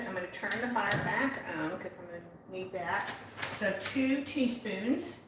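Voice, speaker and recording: An older woman with an easy Texan Southern drawl chats unhurriedly with her livestream viewers while she cooks. Her voice rings in a roomy home kitchen over a faint background hum. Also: mid-range voice. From Texas. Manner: chatty, reads out and answers live viewer comments. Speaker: host. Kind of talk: casual livestream cooking chat.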